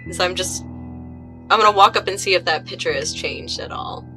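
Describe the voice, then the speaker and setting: A woman playing a tabletop game, talking in an animated, hesitant, rambling way. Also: on the low side, normal speed, over music. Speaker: player. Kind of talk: casual tabletop play.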